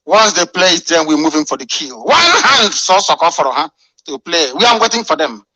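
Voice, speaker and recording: A man's voice: fairly high pitch, animated, fairly quick, pushed and bright, no echo, poor audio. A man delivering a fiery, scornful radio address full of rhetorical questions. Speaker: radio broadcaster.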